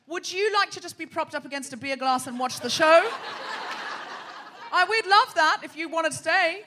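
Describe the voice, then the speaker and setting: A woman's voice: very high voice, normal speed, background noise. A woman from Australia hosting a live comedy podcast on stage, talking in exclamations, repeating phrases and laughing as she goes. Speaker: host. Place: theatre stage before a live audience.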